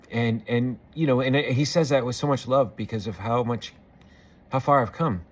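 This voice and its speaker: A man's voice: medium pitch, normal speed. A middle-aged man talking earnestly and reflectively to camera, rambling with many fillers and restarts. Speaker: vlogger. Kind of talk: personal reflective monologue.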